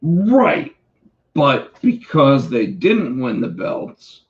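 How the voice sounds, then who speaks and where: A man co-hosting a casual wrestling chat, rambling with restarts and fillers, his voice going hoarse. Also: medium pitch, huge pitch swings, very slow, dull audio. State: losing his voice. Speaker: podcast co-host.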